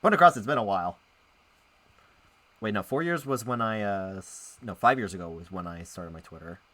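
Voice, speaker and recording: A man's voice: fairly low pitch, lively intonation, normal speed, a bit bright. A man streaming as a VTuber, chatting casually with viewers as he plays and reads a visual novel, rambling and often interrupting himself. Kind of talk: casual live-stream chat while playing a visual novel.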